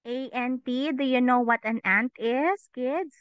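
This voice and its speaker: A woman's voice: sits high, measured pace, clean tone, dry recording. Woman teacher over thin phone-like audio. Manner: patient, asks questions, says "okay" often. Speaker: English teacher. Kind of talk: online class teaching children. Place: online class over a video call. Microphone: video call microphone.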